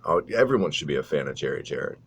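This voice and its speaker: A man's voice: rumbling low, sing-song, quick pace, fairly bright tone, husky. A man hosting a casual wrestling podcast, talking in a profane, sarcastic, rambling way. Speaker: podcast host.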